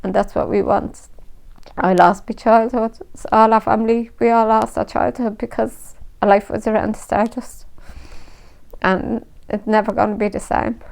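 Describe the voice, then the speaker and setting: A woman's voice: a little high, little pitch movement, moderate pace, gravelly, a little mellow. A woman speaking in an interview as a family member, earnest and insistent. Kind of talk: personal interview.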